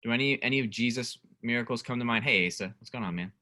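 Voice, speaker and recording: Bright-toned man teaching Bible study. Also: mid-range voice, fast. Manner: conversational, reads scripture aloud, asks the group questions. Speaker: youth pastor.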